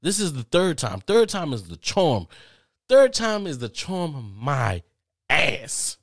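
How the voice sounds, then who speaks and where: A man vlogging, telling a story casually to his viewers with lots of cursing and animated asides. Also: on the high side, unhurried, no room sound, clean studio sound. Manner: profane, animated, talks straight to viewers.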